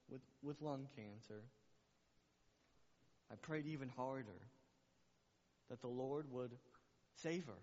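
A man's voice: mid-range voice, a little mellow. Male preacher, fervent sermon, repeats lines for emphasis, dull lo-fi sound, long church reverb. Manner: passionate, repeats phrases for emphasis. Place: church sanctuary. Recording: muffled recording with long hall reverb.

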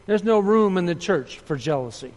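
Man, pastor preaching, earnest, somewhat high voice, long hall reverb. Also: lively intonation, normal speed. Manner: earnest preaching, voice rising for story and dropping soft for appeals. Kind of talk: sermon.

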